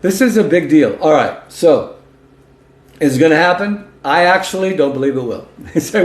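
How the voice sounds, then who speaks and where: A slightly high-pitched man talks at a normal pace, hosting a political commentary segment where he reads the news and interrupts it with his own remarks. His manner is folksy and emphatic, peppered with "okay?" and "listen to this," and the room echoes around him.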